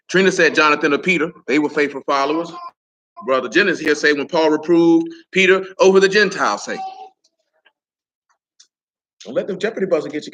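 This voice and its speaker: A man's voice: on the high side, fairly bright tone, low-quality recording. A man leading an interactive Bible study, talking casually, teasing and quizzing his listeners by name. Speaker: Bible teacher.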